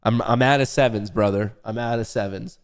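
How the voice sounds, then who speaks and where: Brisk and clean-toned, this young man's lowish voice keeps a fairly even intonation. He hosts a live day-trading stream, giving casual commentary while joking, swearing, and talking to chat.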